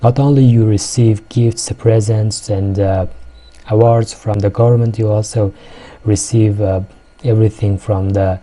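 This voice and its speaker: Mongolian-accented man, earnest, very dark mellow tone, explanatory commentary. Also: on the low side. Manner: earnest, explains slowly with fillers. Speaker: show host explaining culture.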